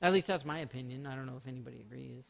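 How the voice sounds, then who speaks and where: A man's voice: medium pitch, racing, creaky. A man streaming a game live, talking casually in a rambling way and making self-mocking jokes.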